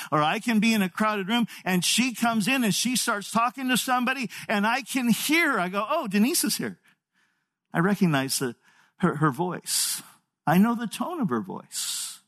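Older male pastor, 60s, high voice, folksy sermon storyteller who repeats words. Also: a bit bright.

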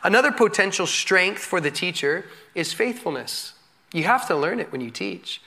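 A male pastor giving a candid, self-deprecating sermon, telling stories with an animated manner and occasional laughs. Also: high voice, moderate pace, vocal fry. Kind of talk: sermon teaching.

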